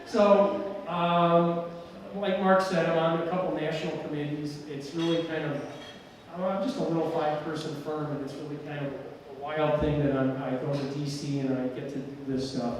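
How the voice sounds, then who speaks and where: A man, an architect, giving an animated talk at an event, telling stories and sometimes shouting and laughing. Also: fairly high pitch, moderate pace, slight background noise. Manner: animated storyteller who shouts and laughs at slides. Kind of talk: conference presentation. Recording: echoey hall from far off.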